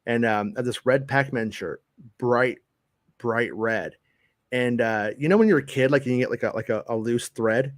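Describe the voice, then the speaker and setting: A man's voice: mid-range voice, moderate pace, no echo, clean studio sound. Rambling, foul-mouthed man telling stories. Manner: rambling storyteller, swears freely, many restarts. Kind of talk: casual chat.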